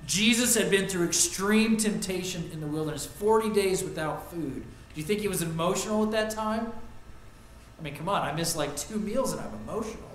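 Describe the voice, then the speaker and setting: Earnest preacher with a higher voice, echoey. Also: male voice, a little fast. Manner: earnest, swings from loud emphasis to quiet. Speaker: pastor. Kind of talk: sermon. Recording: echoey room with faint ambient noise.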